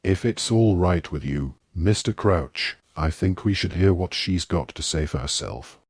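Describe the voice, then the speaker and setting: A man's voice: deep voice, a little slow, breathy edge, no echo, studio quality, full character voice. A man voicing a stern, suspicious ministry wizard who interrogates sharply.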